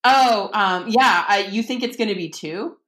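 A woman's voice: medium pitch, moderate pace, fairly bright tone. A woman author in a casual interview, chatting enthusiastically with frequent ums and restarts. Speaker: author and podcast guest.

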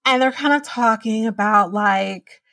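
A woman's voice: fairly high pitch, unhurried, sharp tone, no room sound. Chatty woman podcaster, swears a bit, dry sound, kinda far from the mic. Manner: chatty, swears casually, lots of fillers. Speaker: podcast host. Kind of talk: casual reality TV recap.

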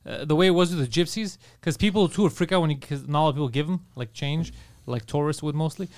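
Rapid-fire, blunt Canadian podcast guy. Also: fairly high pitch, a little mellow, no room sound, studio quality. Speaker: podcast co-host. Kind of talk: casual chat.

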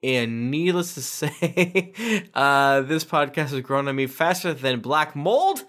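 A man's voice: fairly high pitch, expressive, slow pace, fairly bright tone. A man hosting a podcast, reading listener reviews aloud with playful emphasis. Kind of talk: casual podcast chat.

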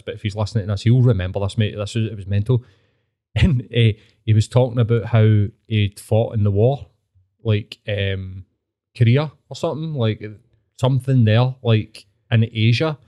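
Glaswegian male podcast host, mellow voice, profane storyteller who mimics people. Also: fairly low pitch, moderate pace. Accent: Glaswegian Scottish. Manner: swearing storyteller, laughs often, mimics people. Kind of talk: casual chat.

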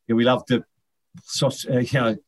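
Older bloke rambling through old stories, lots of restarts and stammered words. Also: male voice, medium pitch, level tone, normal speed, husky. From England, Northern Irish parents. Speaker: guest, former footballer. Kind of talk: casual interview chat.

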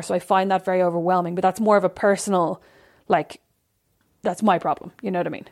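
A woman's voice: lowish voice, fairly even intonation, quick pace, a little mellow. A young woman, chatting casually as a podcast co-host and telling a story, acting out the quotes with lots of life. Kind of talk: casual chat.

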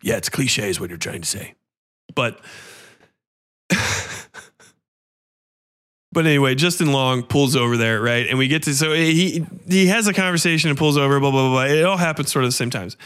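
A man hosting a podcast, retelling a horror film in a casual, profane, animated way. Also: medium pitch, normal speed, pauses often, clean tone. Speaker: podcast host. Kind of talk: casual film review chat.

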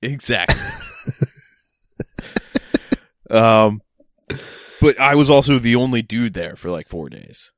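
A man's voice: medium pitch, expressive, slow pace, long pauses, no echo, studio quality. A young man, chatting casually as a podcast co-host and telling stories with lots of restarts and laughs. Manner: rambling, frequent restarts and laughter. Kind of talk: casual chat.

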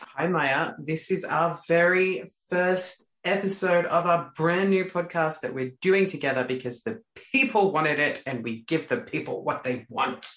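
A man's voice: fairly high pitch, measured pace, hardly any pauses, fairly bright tone, roomy sound. A man co-hosting a podcast in casual chat, teasing and joking in a camp way. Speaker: podcast co-host.

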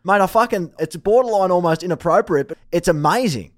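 A man's voice: high voice, animated, brisk. An Australian man hosting a podcast who asks questions in a casual, enthusiastic and sweary way. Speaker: podcast host. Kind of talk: casual interview.

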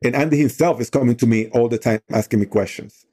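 Here the youth outdoor program leader, a middle-aged man, talks quickly with a warm tone at medium pitch. His storytelling stays casual and conversational, leaning heavily on "you know."

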